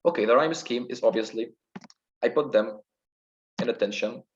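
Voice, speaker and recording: A man, not a native English speaker, slowly talks through the meter and rhyme of a sonnet, hesitating and counting syllables word by word. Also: mid-range voice, lo-fi sound. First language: Arabic. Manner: hesitant, with many restarts and fillers. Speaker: student presenting a poem analysis. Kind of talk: spoken literature analysis.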